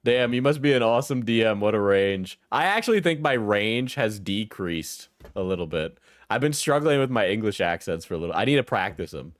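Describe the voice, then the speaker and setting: A man's voice: on the low side, expressive, brisk, dry recording, studio quality. A man streaming casual commentary in a rambling, profane way, with frequent laughter.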